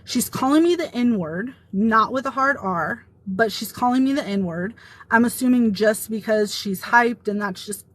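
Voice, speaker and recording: A woman telling an animated story about her workplace in a casual vlog, quoting the people involved. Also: a little high, measured pace, poor audio. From Italian heritage. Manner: animated retelling, quoting others.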